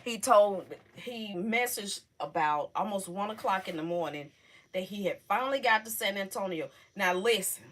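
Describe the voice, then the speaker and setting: A middle-aged woman hosting a casual livestream, talking emotionally and haltingly to her viewers, close to tears. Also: mid-range voice, lively intonation, a bit bright. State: on the verge of tears. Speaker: livestream host.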